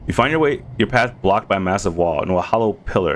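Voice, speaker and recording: A man's voice: on the low side, animated, fast talker, slight background noise. A man streaming a game, reading its narration aloud with casual asides.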